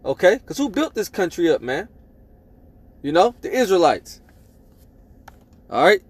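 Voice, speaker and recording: A man's voice: high voice, sing-song, measured pace, husky. A man preaching a sermon, reading scripture aloud and driving each point home with "man" and "all right?". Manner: emphatic, tags lines with "man" and "all right?".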